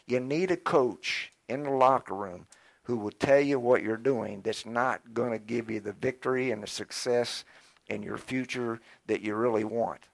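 An older man preaching a sermon in a folksy, animated way, calling on the congregation to answer back. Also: medium pitch, normal speed, vocal fry, dry recording. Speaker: pastor.

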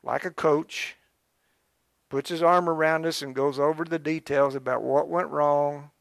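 A man's voice: fairly high pitch, steady tone, a little slow, creaky, dry recording, clean studio sound. A male pastor preaching a sermon, fervent and exhorting, speaking directly to his congregation. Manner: fervent, exhorting, urgent early and quieter and reflective later.

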